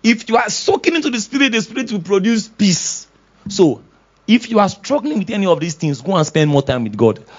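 Pastor, man; high, animated preaching that acts out scenes and voices, laughs often; slightly dull lo-fi recording. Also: fairly quick. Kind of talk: sermon. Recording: dull lo-fi sound.

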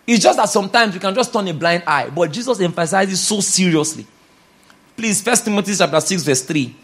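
A man preaching a sermon, repeating key phrases and rising loud when he reads scripture. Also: sits high, expressive, a little fast, husky. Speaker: pastor.

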